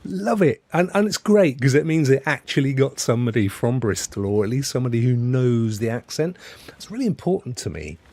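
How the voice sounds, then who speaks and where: Speaking at a medium pitch with a darkish tone, a middle-aged man streams a game in a very animated, brisk manner. His casual commentary wanders and chatters, and he frequently corrects himself.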